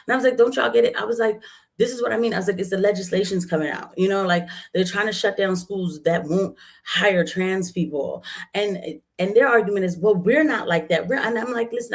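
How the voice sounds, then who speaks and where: A woman, a nurse, telling a story casually outdoors and acting out both sides of an argument in quoted voices. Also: mid-range voice. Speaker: registered nurse and vlogger. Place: outdoors in the heat.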